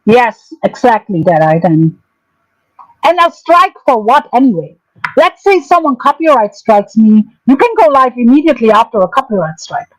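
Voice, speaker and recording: A woman rants on her own livestream. Her voice sits a little high, and she talks hotly and profanely. She repeats her jabs over and over to drive them home. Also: big pitch swings, normal speed, rough recording. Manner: angry, profane, repetitive ranting. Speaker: streamer. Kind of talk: livestream drama commentary.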